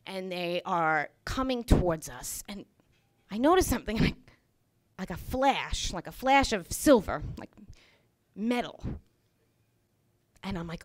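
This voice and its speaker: Animated wry woman telling a story. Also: fairly high pitch, a little slow. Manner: animated and wry, frequent "you know" fillers. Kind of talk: live comic storytelling. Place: small bar stage before a live audience.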